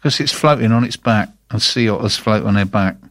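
A man's voice: lowish voice, brisk, fairly bright tone, dry recording, clean studio sound. A man co-hosting a radio show, chatting casually and reading out local event listings, often stumbling on restarts. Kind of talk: casual radio chat and announcements.

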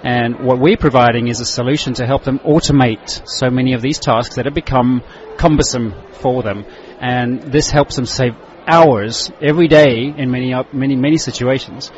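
Mid-pitched male consultant, steady and explanatory, slightly dull recording with faint noise. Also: normal speed, few pauses. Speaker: software consultant. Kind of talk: interview at a trade show.

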